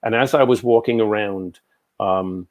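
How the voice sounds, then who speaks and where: A man's voice: on the low side, unhurried, phone-quality sound. Chatty older New man telling stories. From New York. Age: 60s. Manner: rambling, animated anecdotes with many asides. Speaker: guest, psychic medium. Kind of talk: casual storytelling in an interview.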